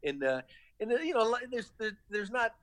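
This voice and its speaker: A middle-aged man with a gentle Southern accent, a former baseball manager telling stories as a podcast guest, rambling with lots of restarts and "you know.". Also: sits high, big pitch swings, brisk, poor audio. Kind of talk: casual interview talk.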